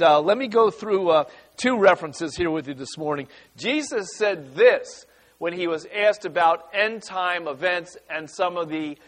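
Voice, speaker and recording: A man's voice: sits high, a bit bright. Folksy man preaching a sermon. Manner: folksy, conversational preaching with a congregation. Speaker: pastor. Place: church.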